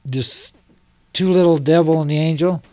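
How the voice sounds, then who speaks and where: A middle-aged man from Salt Lake City talks as a podcast guest, earnest and fired up, drifting from one thought to the next. His voice is dark and mellow, recorded close and dry with no room around it. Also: a little high, moderate pace, no room sound. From Salt Lake City, Utah. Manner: earnest, passionate, loosely rambling. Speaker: guest, homeless advocate. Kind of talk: casual podcast conversation. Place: podcast studio.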